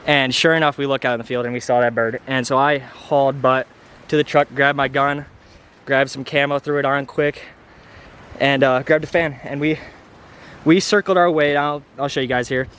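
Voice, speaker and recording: A young man from Iowa vlogging about a hunt outdoors, excited and rambling, out of breath, with camera audio. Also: medium pitch, normal speed, smooth. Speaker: hunting vlogger. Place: outdoors in a field.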